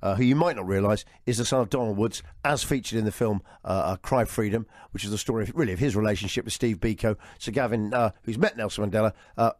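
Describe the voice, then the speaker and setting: A man's voice: on the low side, fast, hardly any pauses, no room sound. A man hosting a radio sports show from a studio, bantering and telling rambling, jokey anecdotes.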